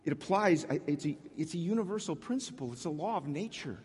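A man preaching a sermon as a pastor, talking in a conversational way with frequent restarts and animated asides. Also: fairly high pitch, fast, husky, long reverb tail.

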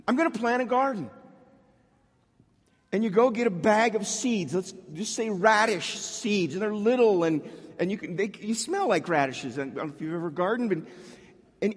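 A man preaching a sermon as a pastor, talking in a conversational way with frequent restarts and animated asides. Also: high voice, husky, in a large hall.

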